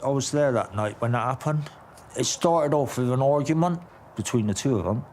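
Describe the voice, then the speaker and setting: A man's voice: medium pitch, moderate pace, darkish tone, slight background noise. A man recounting past events in a blunt, informal way, swearing often. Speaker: interviewee.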